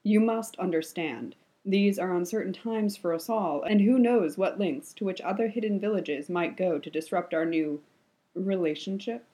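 A silky, imposing male ruler who purrs his courtesies with a thread of chill underneath, as a woman reads him. The voice sits low and mellow, warm rather than bright, and his charm never quite hides the menace. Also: normal speed, natural voice. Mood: smooth, courteous. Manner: sweet, purring, with a cool edge. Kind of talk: audiobook-style fan fiction reading.

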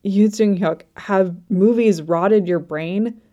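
A woman's voice: medium pitch, takes it slowly, mellow, highs cut off, lightly acted. A woman reading a flustered anxious young man. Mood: exasperated. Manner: flustered, pleading.

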